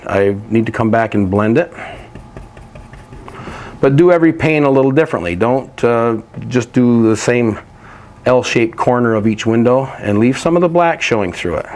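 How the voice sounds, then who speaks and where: A man teaching a painting lesson, walking through each step in a relaxed, practical way while he works. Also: medium pitch, normal speed. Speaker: painting instructor.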